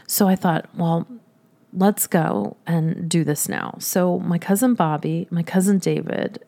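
Gravelly-voiced woman telling a story. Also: on the low side. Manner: chatty, laughing often, lively retelling. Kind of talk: personal storytelling.

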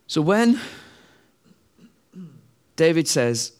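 A man's voice: medium pitch, animated, moderate pace. A middle-aged man preaching a sermon in a conversational way, acting out the voices of other people.

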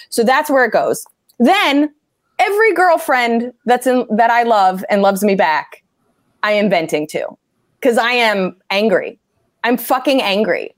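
A woman comedian talking casually about writing jokes, animated and swearing freely as she acts out angry quotes. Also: medium pitch, dry recording, studio quality. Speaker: stand-up comedian. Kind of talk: casual interview talk.

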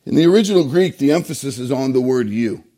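A male pastor delivering a sermon, emphatic, with rhetorical questions and pauses. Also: medium pitch, expressive, mellow.

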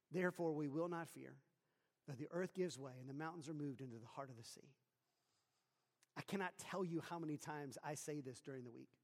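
A man delivers a sermon in a high voice, dropping low and soft for scripture readings, then rising into loud, emphatic preaching. His voice carries a long reverb, as in a large church hall. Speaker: pastor.

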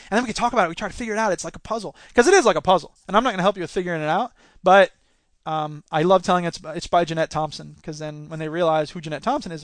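A man's voice: high voice, rapid-fire, no room sound. A man who teaches and writes, chatting casually about his stories and reading them aloud in a laid-back, joking way. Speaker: teacher and author.

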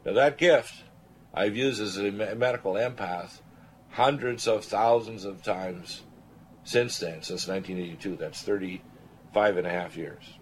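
A bit slow and lowish, with some hiss or hum on the recording, an older radio host from Canada recounts a personal story. He's earnest and animated, taking on the voices of those he quotes.

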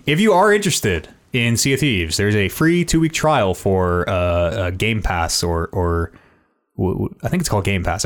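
A man hosting a casual podcast chat, swearing freely and laughing often. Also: on the low side. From Canada. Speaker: podcast host.

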